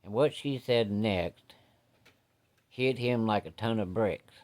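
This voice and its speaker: A man's voice: on the low side, slow, a little mellow. A man telling a story in a folksy, casual way, cussing freely and talking straight to his listeners.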